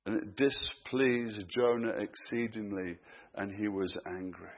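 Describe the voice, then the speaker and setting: A man preaching a sermon, moving between hushed, slow emphasis and raised, urgent questions to his listeners. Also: fairly low pitch, dull audio.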